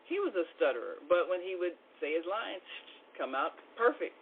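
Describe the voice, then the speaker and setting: A man's voice: high-pitched, very animated, moderate pace. A man co-hosting a talk show, often chiming in with short agreements and building on his partner's points. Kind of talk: conversational talk show discussion. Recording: phone-like audio with faint noise.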